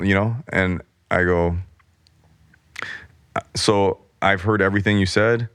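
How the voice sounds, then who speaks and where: A man's voice: sits low, steady tone, takes it slowly, pauses often, fairly bright tone, clear, resonant tone, dry recording. A middle-aged man, a guest on an interview podcast, telling a candid personal story in a rambling, self-interrupting way and acting out the voices of the people in it. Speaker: guest, artist.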